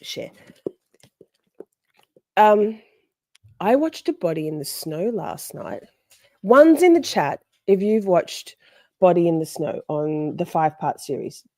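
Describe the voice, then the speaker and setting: Woman livestream host, rambling casual chat, lively up-and-down voice, mellow tone, dry close sound. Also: lowish voice, slow pace, pauses often, dry recording. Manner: chatty and rambling, greets viewers by name.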